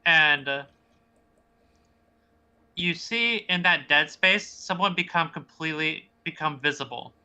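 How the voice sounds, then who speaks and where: Bright, rambling game master. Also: mid-range voice, measured pace, long pauses, clear, resonant tone. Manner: casual and rambling, with many fillers. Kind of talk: narrating a tabletop game.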